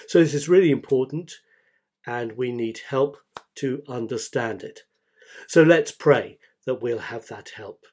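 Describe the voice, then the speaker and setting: A man preaching a sermon as pastor, speaking deliberately and repeating key phrases for emphasis. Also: medium pitch, darkish tone.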